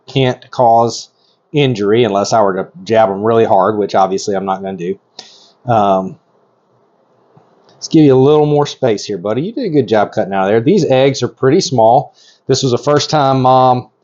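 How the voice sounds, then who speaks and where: A reptile breeder with a mid-range voice narrates his work casually, excited and chatty, stumbling over plenty of ums and restarts. His camera's mic catches him from working distance, so the audio sounds slightly dull and lo-fi.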